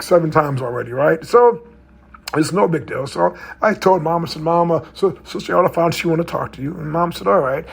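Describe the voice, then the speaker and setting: With a husky voice on the high side and some vocal fry, a middle-aged man who works as a mental health coach recounts a personal story. He keeps it loose and conversational, frequently tacking on tag questions.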